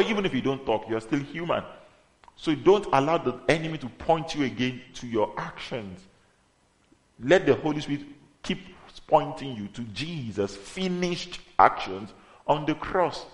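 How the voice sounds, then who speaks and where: A man preaching a sermon, in an emphatic manner that rises to loud exhortation. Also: mid-range voice. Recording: echoey room.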